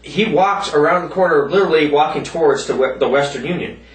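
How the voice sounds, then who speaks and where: Guy ranting at his viewers, swears a ton, kinda far from the mic in an echoey room. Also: brisk. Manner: rambling, swears a lot, voices quoted people in a higher pitch. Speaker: vlogger. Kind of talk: casual profane rant to viewers.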